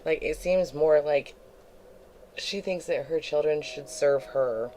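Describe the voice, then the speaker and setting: A man reacting to the clips in an unimpressed, drawn-out way. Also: on the high side, a little mellow, slight background noise, rough recording. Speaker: reaction commentator. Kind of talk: reaction commentary.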